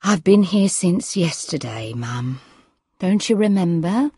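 Patient grown daughter voiced by a woman, low husky voice, calm gentle storybook lines, dry sound. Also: takes it slowly, no room sound, full character voice. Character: patient adult daughter caring for her mother.

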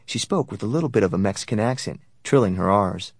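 A man narrating a novel in a steady, even storytelling voice that sits low. The recording is dry and close, with no room around it. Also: quick pace, slightly rough, dry recording. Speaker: audiobook narrator. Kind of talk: scripted narration.

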